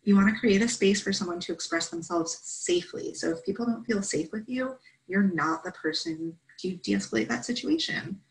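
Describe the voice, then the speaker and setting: A woman's voice: mid-range voice, animated, normal speed, gravelly, hardly any pauses, rough recording. A woman presenting a training session, explaining steps in an instructive way and checking in with "right?" often.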